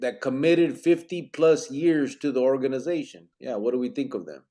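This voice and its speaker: A male podcast host with a middle-pitched voice and an easygoing delivery. He reads viewer questions aloud and chats casually with his guest. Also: moderate pace, warm tone. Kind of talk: casual interview.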